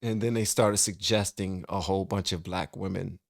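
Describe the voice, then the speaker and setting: A man's voice: low voice, fairly even intonation, moderate pace, creaky, dry recording, clean studio sound. A man hosting a reaction video, chatting casually to viewers with laughter and asides.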